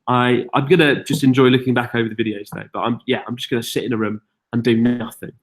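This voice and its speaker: Chatty British male host, self-deprecating, mid-pitched, live Q&A from a cabin. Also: steady tone, quick pace. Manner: chatty, self-mocking, reads viewer questions aloud. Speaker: YouTube host answering viewer questions. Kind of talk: casual live-stream chat. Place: log cabin on a mountain.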